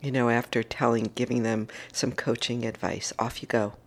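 A woman's voice: rumbling low, fairly even intonation, moderate pace. Middle-aged lady doing her morning message, chatty and gushing, casual pep talk. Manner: chatty and enthusiastic, gushing over favourite things. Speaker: host of a daily morning message.

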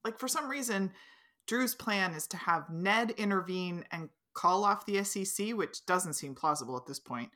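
A woman's voice: medium pitch, expressive, moderate pace, pushed and bright. A woman co-hosting a podcast, giving wry, amused commentary on a TV episode. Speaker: podcast co-host. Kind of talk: casual chat recapping a TV episode.

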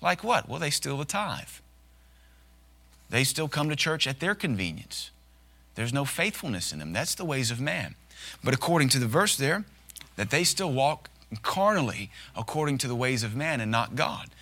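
A man preaching a sermon, his voice bright and forceful. He talks in a folksy, joking way and drops into short acted asides to make a point. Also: mid-range voice, big pitch swings, normal speed. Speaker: pastor.

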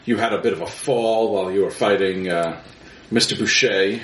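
A man playing a calm, mocking villain who taunts his victim in a tabletop game. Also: on the low side, normal speed, lightly acted. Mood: menacing. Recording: roomy with faint noise.

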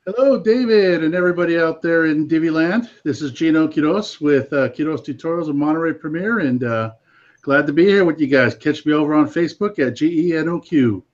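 A man's voice: fairly high pitch, brisk, lo-fi sound. A man guesting on a casual panel chat, friendly and a little hesitant, with many fillers.

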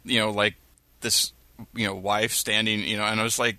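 A man's voice: lowish voice, little pitch movement, moderate pace, bright, forceful tone, dry recording. A man co-hosting a TV podcast in casual chat, rambling with lots of fillers. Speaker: podcast co-host.

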